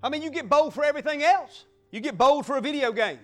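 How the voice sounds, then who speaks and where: A man's voice: extremely high pitch, quick pace, soft background music. A man preaching a sermon as pastor, fiery and exuberant, with whoops and acted-out little scenes.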